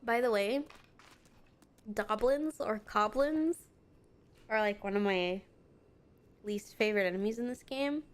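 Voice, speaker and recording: A woman's voice: medium pitch, measured pace, long pauses. A young adult woman streaming a game with casual, playful commentary, chatty and swearing freely.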